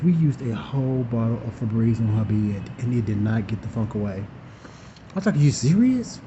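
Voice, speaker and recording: A man telling a story in a casual, animated way, laughing often and using campy slang. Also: medium pitch. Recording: dull, lo-fi with faint hiss.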